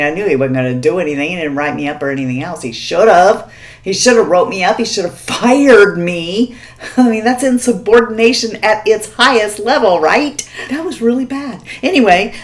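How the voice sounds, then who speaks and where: A woman vlogger telling a story in casual chat, laughing often and checking in with the viewer. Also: medium pitch.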